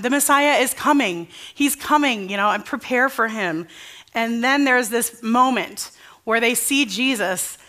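A woman's voice: on the high side, pushed and bright. A woman pastor giving a conversational sermon at a church service, earnest and casual, asking the congregation questions.

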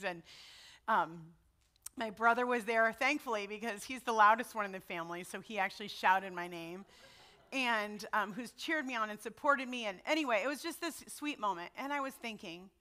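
A woman's voice: fairly high pitch, sharp tone. A middle-aged woman giving a sermon in a personal, conversational way, often checking in with her listeners. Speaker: preacher.

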